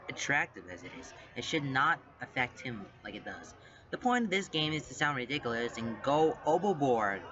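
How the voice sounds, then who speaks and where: Calm male story reader, lo-fi. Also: medium pitch. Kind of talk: reading fan fiction aloud.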